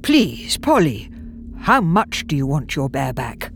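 A woman doing a calm, commanding male doctor. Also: a bass voice, a little hiss or hum, pitched below the performer's own voice, full character voice. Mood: thoughtful. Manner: measured and commanding. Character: calm, clever male time traveller.

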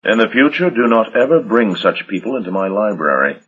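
A man voicing a cold, commanding male vampire master who speaks in a silky, unhurried, menacing way. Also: on the low side, big pitch swings, a bit bright, husky, highs cut off, pitched above the performer's own voice, exaggerated voice. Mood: cold menace.

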